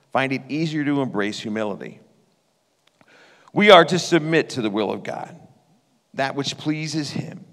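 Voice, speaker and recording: Earnest man preaching in a reverberant hall. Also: medium pitch. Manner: earnest, conversational, emotional storytelling. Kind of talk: sermon with personal testimony.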